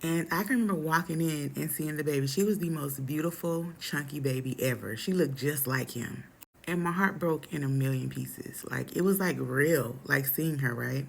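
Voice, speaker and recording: Gravelly low-voiced young woman storyteller. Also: moderate pace. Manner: animated, dramatic retelling with slang. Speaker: vlogger telling a story. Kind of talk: casual storytime chat.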